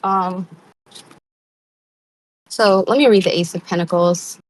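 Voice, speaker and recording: A woman's voice: on the low side, fairly even intonation, slow, no room sound. A woman giving a live spiritual tarot reading in a casual, searching way, full of slang and fillers. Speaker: tarot reader.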